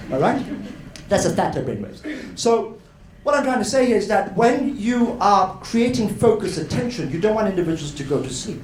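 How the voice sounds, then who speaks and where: A man giving a lively, playful workshop talk at a conference, acting out voices and laughing often. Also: on the high side. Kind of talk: lively educational talk to an audience. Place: hotel conference room. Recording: roomy hall with faint noise.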